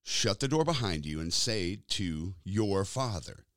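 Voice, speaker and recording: Lively preaching man on a podcast. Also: sits low, clean tone, no echo, studio quality. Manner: lively, sing-song opening that settles into slow, deliberate preaching. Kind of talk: sermon podcast.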